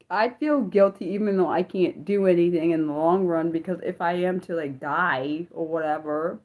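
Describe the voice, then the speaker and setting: A young woman with a fairly low voice hosts an unscripted livestream. She chats casually and rambles, filling her sentences with little filler words as she talks to her viewers. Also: narrow, tinny audio. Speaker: livestream host.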